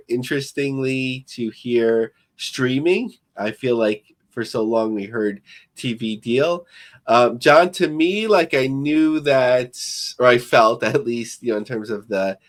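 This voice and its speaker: A man co-hosting a podcast, talking through business news in a loose, rambling way with many fillers. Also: medium pitch. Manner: rambling, filler-heavy and thinking aloud. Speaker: podcast co-host. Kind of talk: casual podcast commentary.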